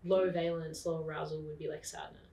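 An Australian woman explaining things calmly in a casual interview, with frequent fillers. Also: sits low, brisk, gravelly. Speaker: podcast guest. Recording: roomy, distant mic.

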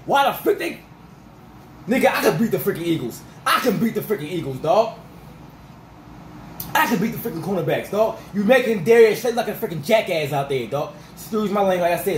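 A man ranting as a sports fan vlogger, fired up and repetitive, his voice going rough. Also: high voice, reverberant, a little hiss or hum, rough recording. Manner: fired-up, repetitive, peppered with 'freaking' and 'dog'.

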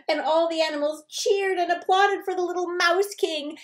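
A woman librarian reading a picture book aloud to children, animated and theatrical, dropping into whispers for suspense. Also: very high-pitched, measured pace, hardly any pauses. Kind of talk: children's read-aloud storytelling.

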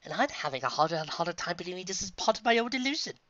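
A woman voicing a nervous, prim female pony in a fan audiobook reading, high-strung and fussy. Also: expressive, racing, a bit bright, no room sound, highs cut off. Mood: fretful.

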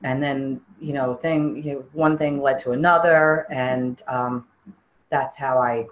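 An older woman giving a personal testimony in an interview, earnest and halting, often restarting her sentences. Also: a bass voice, steady tone, lo-fi sound.

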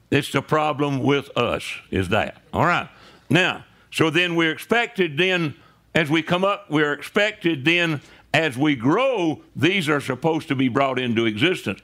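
A male pastor delivers a sermon in a church sanctuary, his voice sitting on the high side and sounding a bit bright. His preaching is conversational, and he checks in with listeners often, tossing in frequent "right?" asides.

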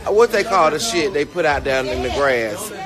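A man vlogging from a restaurant on his lunch break, joking loudly and teasing in sassy asides. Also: fairly high pitch, lively intonation, moderate pace. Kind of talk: casual vlog chat. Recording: music and busy crowd behind.

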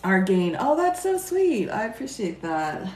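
A woman's voice: mid-range voice, very animated, a little slow, a little mellow. A woman who is a lawyer and law teacher, hosting a casual live stream, chatting and laughing often as she reads viewer comments aloud. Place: indoor room, streaming live. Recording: roomy echo.

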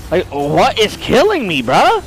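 Bright, animated swearing male streamer. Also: sits high, a little slow, soft background music, rough recording. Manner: profane frustrated ranting. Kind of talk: live gameplay streaming chat.

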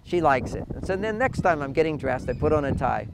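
Here the older relationship author, interviewed as a guest, sounds animated and a little fast, with a fairly high, gravelly voice against background noise. He answers emphatically, often slipping into impressions of what partners say.

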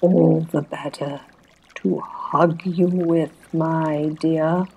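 A woman voicing a sly big bad male wolf in a bedtime storybook reading, speaking in a slow, low growl. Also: fairly even intonation, warm tone, highs cut off, slight background noise, exaggerated voice.

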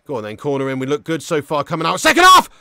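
A man commentates on a match for his viewers in a high, bright voice. He talks as a fan, swearing and laughing. The sound is close and dry, with no room around it. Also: racing, dry recording. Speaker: football watch-along host.

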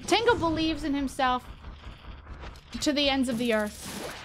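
A woman gaming streamer giving casual let's-play commentary, excitable and goofy, swearing freely and chatting with her viewers. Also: high-pitched, a little slow, slight background noise.

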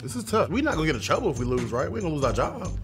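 A man co-hosting a comic food-tasting show, excitable and prone to loud outbursts in playful banter. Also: on the high side, very fast, music in the background. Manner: excitable, bursts into loud shouts. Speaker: co-host.

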